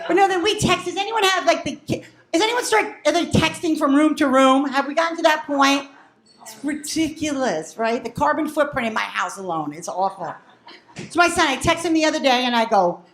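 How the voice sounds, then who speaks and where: A woman's voice: high voice, animated, fast talker. A woman doing a brash, profane stand-up set, acting out her family. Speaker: stand-up comedian. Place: comedy club. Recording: echoey club room.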